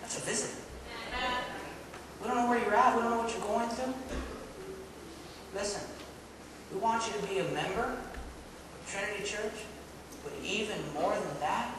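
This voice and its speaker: A man's voice: high voice, moderate pace, long pauses. Pastor, male, playful call-and-response preacher, heard far off in a big reverberant church with room noise. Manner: lively, joking preaching with audience call-and-response. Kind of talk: sermon. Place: church sanctuary. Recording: echoey hall, mic far off.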